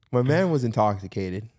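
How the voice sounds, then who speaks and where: A man hosting a podcast, chatting casually and telling animated stories, mimicking his friend in slangy banter. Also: fairly low pitch. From Mexican-American. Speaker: podcast host.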